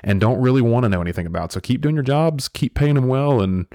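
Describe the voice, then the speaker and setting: A man's voice: medium pitch, quick pace, warm tone, no room sound, clean studio sound. Rambling young man telling stories. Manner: rambling, lots of "like" and restarts. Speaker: podcast host. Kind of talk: casual storytelling chat.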